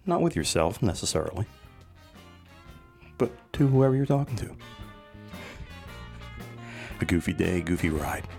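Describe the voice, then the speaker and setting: A man's voice: low-pitched, very animated, measured pace, creaky, long pauses, a little mellow, soft background music. A middle-aged man hosting a podcast, rambling casually and laughing at himself while driving in traffic. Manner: chatty, wandering, laughs at himself. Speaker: podcast host. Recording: car road noise behind voice.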